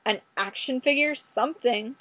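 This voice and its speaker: A woman's voice: high voice, normal speed, fairly bright tone, no room sound. A woman voicing a blunt, wisecracking male detective who talks in an exasperated, insistent way.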